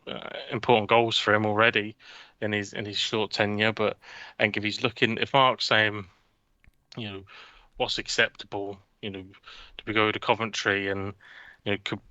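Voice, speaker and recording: A man's voice: fairly low pitch, bright, forceful tone, no echo, muffled recording. A man co-hosting a football podcast, casual, rambling and mocking, with frequent swearing. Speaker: podcast co-host.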